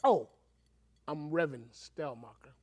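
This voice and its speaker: A man's voice: a little high, unhurried, darkish tone, slightly rough. An older man, a reverend telling his own story with emotion and acting out the voices of people he quotes. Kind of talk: personal storytelling.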